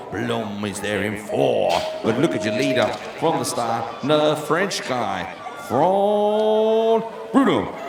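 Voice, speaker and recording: A man commentating live BMX races, calling riders with jokey asides. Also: sits high. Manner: jokey, lively asides between rider calls. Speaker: race commentator. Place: outdoor BMX race track. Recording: echoey PA sound with crowd noise.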